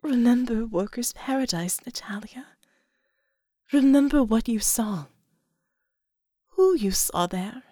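A woman voicing a sorrowful, humble female angel in a slow, hushed whisper, reading a storybook. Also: a little high, lively intonation, dry recording, studio quality.

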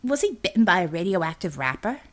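A woman's voice: lowish voice, very animated, fairly quick. Woman doing snarky winged guy, blunt and mocking, audiobook. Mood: sarcastic. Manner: sarcastic, swearing, impatient. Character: sardonic winged male metahuman, blunt and mocking.

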